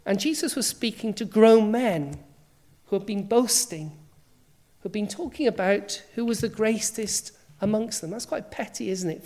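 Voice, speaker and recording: A woman's voice: mid-range voice, a little mellow. A woman preacher delivering a sermon, emphatic and full of rhetorical questions.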